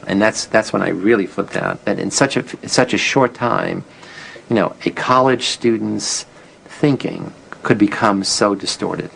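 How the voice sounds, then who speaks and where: A man's voice: on the low side, a little slow, gravelly, a bit bright, slight background noise, poor audio. A man interviewed for a documentary, telling the story reflectively and acting out the dialogue he quotes. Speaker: interviewee recalling the experiment he ran.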